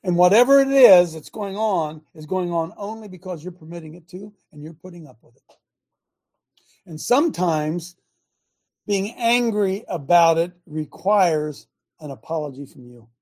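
An older man who hosts a Christian talk show, delivering an impassioned preaching rant that swings between loud emphasis and quiet asides. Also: high voice, animated, moderate pace. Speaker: show host, former football coach.

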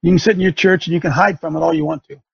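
Fiery sarcastic preaching man, gravelly high voice. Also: steady tone, very fast, highs cut off. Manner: fiery, sarcastic, rising to shouts. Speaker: talk show host. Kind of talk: preaching radio talk.

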